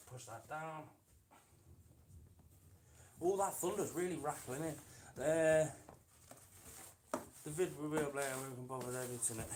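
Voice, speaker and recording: A man hosts a casual live stream, chatting fondly to his pet lizard and calling it "mate" while he works on its enclosure indoors. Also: fairly high pitch. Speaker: reptile keeper and channel host. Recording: echoey room with faint noise.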